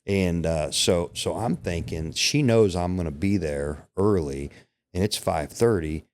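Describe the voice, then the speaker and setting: A middle-aged man with a strikingly deep, low voice appears as a podcast guest in a casual interview, telling an emotional personal story with candor. His delivery is a little slow and mellow, with slight background noise, and he keeps checking that listeners follow, saying "right?" and "you know" often.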